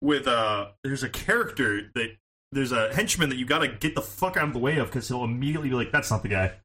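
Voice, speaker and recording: Animated, laughing man on a podcast. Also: mid-range voice, quick pace. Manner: laughing, animated storytelling with profanity. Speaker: podcast co-host. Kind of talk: casual podcast chat.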